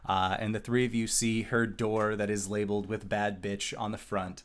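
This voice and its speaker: A man narrating as game master of a tabletop game, slow with many filler sounds. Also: fairly low pitch, level tone, clean tone.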